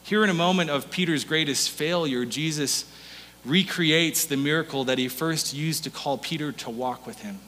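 Lively bright-voiced male pastor preaching. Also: a little high, moderate pace, in a large hall, a little hiss or hum. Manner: animated storytelling, acts out voices, laughs often. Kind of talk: sermon.

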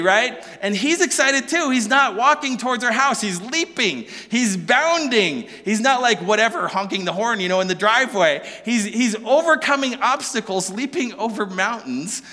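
A man preaching a sermon, animated and joking, asking the listeners question after question. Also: sits high, moderate pace, hardly any pauses, long reverb tail. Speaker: pastor.

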